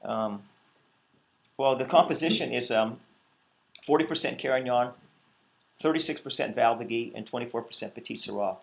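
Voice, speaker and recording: A male winemaker talking casually at a wine tasting, relaxed and hesitant, with many pauses and ums. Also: medium pitch, vocal fry.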